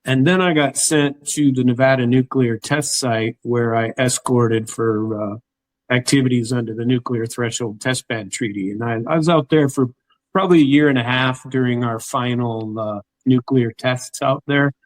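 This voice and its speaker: A man's voice: mid-range voice, fairly even intonation, moderate pace, no room sound, low-quality recording. American male host, mid voice, rambling chat, dry mic. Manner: rambling, hesitant, many restarts. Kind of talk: casual interview chat.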